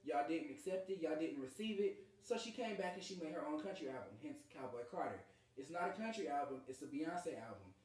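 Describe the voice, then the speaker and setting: A podcast host chatting casually, making emphatic, animated points. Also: mid-range voice, fairly quick. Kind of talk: casual chat. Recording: roomy echo.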